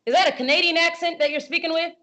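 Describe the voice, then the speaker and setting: A woman's voice: very high-pitched, steady tone, rapid-fire. A woman in an improv comedy sketch playing a corporate executive, filling her talk with ums and uhs. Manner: filler-heavy, corporate.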